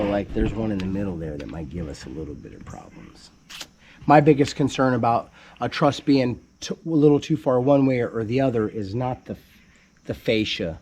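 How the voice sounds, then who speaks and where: A man's voice: mid-range voice, darkish tone, a little hiss or hum. A man casually explaining construction work at his building site, joking around as he goes. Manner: playful, joking, calls viewer "baby cakes". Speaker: homesteader building his house.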